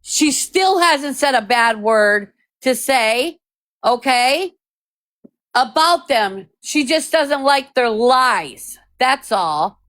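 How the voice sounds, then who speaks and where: A woman's voice: high-pitched, animated, drawn-out words, fairly bright tone. A woman ranting heatedly to her viewers into a phone, swearing often and repeating her points. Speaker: TikTok creator. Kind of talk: confrontational rant to viewers.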